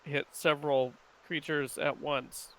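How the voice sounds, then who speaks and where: A man's voice: fairly high pitch, level tone, measured pace, creaky, a bit bright, low-quality recording. A man playing a tabletop game, hesitant and unsure as he describes his moves. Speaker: player.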